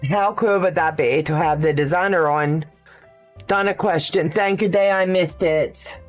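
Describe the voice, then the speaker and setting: A woman's voice: fairly low pitch, unhurried, faint music behind. A woman hosting a quilting livestream, thinking aloud in a chatty way and answering viewer questions as she sews. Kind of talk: casual live sewing demonstration.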